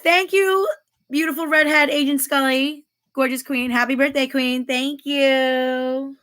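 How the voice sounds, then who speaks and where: Giggly woman streamer chatting w her viewers, kinda high, really bright tone. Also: flat delivery, measured pace. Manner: chatty and giggly, laughs often. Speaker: livestream host. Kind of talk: casual chat reading viewer comments aloud.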